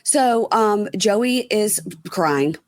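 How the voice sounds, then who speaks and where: A woman's voice: medium pitch, lively intonation, extremely slow, dry recording, clean studio sound. A woman hosting a casual podcast, recapping a reality episode and acting out people's lines, with frequent ums and swearing. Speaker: podcast host.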